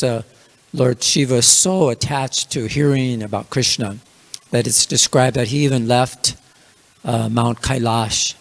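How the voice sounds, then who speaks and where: A man teaching a scripture class in a casual storytelling manner, with many fillers. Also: medium pitch. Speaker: religious class speaker.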